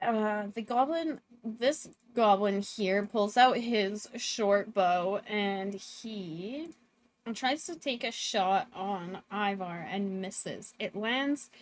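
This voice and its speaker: A woman's voice: mid-range voice, slow. A woman narrating a tabletop role-playing game as dungeon master.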